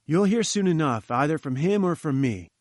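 A man voicing a talkative young male journalist, speaking in a brisk, confiding and enthusiastic way. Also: a little high, expressive, darkish tone, dry recording, studio quality, close to an everyday voice. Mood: eager. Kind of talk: audiobook character reading.

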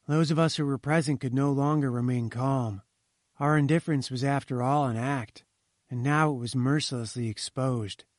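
Man narrating a story, measured pace. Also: medium pitch, no room sound, clean studio sound. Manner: measured, slowing to a hush at grim moments.

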